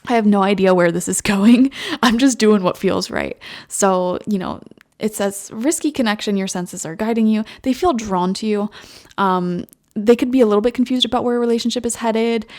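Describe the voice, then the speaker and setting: A woman's voice: mid-range voice, moderate pace, darkish tone. A young woman giving a casual tarot reading, chatty and full of fillers as she talks to viewers. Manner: chatty, full of "like" and "you know". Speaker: tarot reader.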